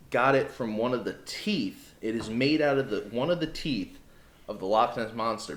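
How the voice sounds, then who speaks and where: A man's voice: mid-range voice, roomy sound. A man co-hosting a podcast, recapping a wrestling show in blunt, sarcastic casual chat. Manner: sarcastic, blunt storyteller, swears. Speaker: podcast co-host.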